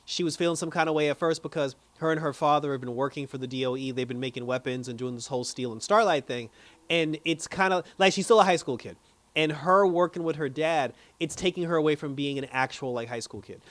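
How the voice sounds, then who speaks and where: Man recapping a TV episode, animated and chatty, slightly high voice, dry and close. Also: fast talker, dry recording. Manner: chatty and animated, with frequent restarts. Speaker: TV episode reviewer. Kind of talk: casual episode recap and review.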